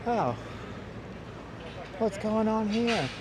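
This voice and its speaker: A talkative man with a Brooklyn accent walks through a city park and chats to his livestream viewers as he goes. His voice sits a little high, and he speaks into a wireless clip-on mic. Faint city noise hums in the background. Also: lively intonation, drawn-out words. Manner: chatty, talks to viewers while walking. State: out of breath from walking uphill. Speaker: livestream tour guide. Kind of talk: walking livestream tour commentary.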